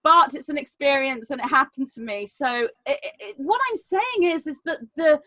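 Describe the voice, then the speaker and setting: A woman with a high voice tells a personal story in an earnest, animated way. She often restarts her sentences. The sound is dry and close, with no room echo. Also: moderate pace. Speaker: round table guest. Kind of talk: personal storytelling in an online panel.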